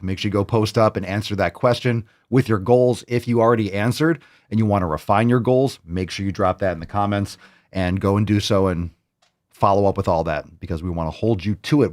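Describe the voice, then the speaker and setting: A man hosting a fitness vlog, joking and swearing in casual talk. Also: fairly low pitch. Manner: profane, joking, animated. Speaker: fitness podcast host.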